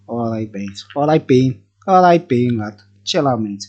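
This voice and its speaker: Husky rambling man. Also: medium pitch, expressive, unhurried, hardly any pauses, a little mellow, highs cut off. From England. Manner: rambling, jokey and profane. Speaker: beer reviewer. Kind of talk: casual chat.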